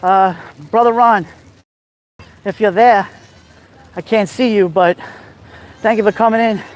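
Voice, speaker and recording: A man with a rough voice and a Brooklyn accent, chatting casually on a live stream as he walks outdoors along a beach. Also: sits high, steady tone, unhurried. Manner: chatty, gives shout-outs while walking.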